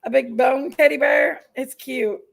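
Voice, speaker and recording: A woman chats loosely on her livestream, welcoming viewers by name in a folksy way. Her voice sits high and carries a gravelly edge. She sounds a little under the weather from a sick stomach. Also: unhurried, low-quality recording. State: unwell with an upset stomach. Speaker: livestream host. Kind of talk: casual livestream chat greeting viewers.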